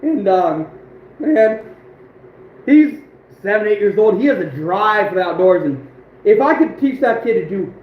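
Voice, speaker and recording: Hoarse, fired-up young man telling stories. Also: high-pitched, unhurried, long pauses, roomy sound, lo-fi sound, a little hiss or hum. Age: 20s. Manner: animated, emphatic, repeats phrases. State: going hoarse. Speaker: outdoors channel host. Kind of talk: livestream storytelling.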